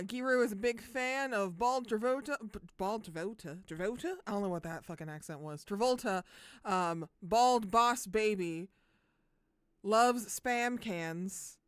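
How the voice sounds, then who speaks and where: A young adult woman streaming games live, chatting casually with viewers, bubbly and quick to swear and laugh. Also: mid-range voice, a bit bright, clear, resonant tone, no room sound. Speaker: game streamer.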